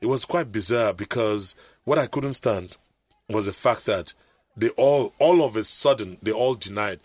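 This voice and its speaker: Low-voiced man, dry close sound. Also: unhurried, dry recording. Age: middle-aged. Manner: rambling storyteller, preachy asides. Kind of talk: casual chat.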